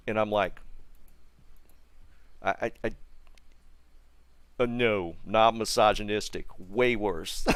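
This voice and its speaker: A man's voice: on the low side, animated, slow pace, pauses often, fairly bright tone, no room sound. An American man casually telling a long personal story while streaming, rambling with restarts and asides to viewers. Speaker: gaming streamer.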